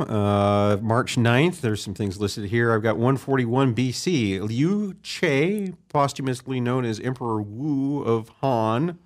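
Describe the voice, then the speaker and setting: A man hosts a casual talk show, reading historical dates and drifting into jokes. He rambles, with plenty of fillers. His voice sits at a middling pitch. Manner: rambling, joking, lots of fillers. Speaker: host.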